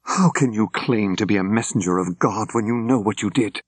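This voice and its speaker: A man voicing a composed, scornful woman who speaks in a cool, cutting, deliberate way. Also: lowish voice, no echo, close to an everyday voice. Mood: accusing.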